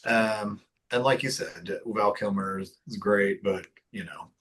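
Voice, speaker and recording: A man's voice: lowish voice, steady tone, measured pace, fairly bright tone, slight background noise. A man co-hosting a podcast, talking about a movie in a laid-back way, full of fillers and hedges. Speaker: podcast co-host. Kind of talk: casual film discussion.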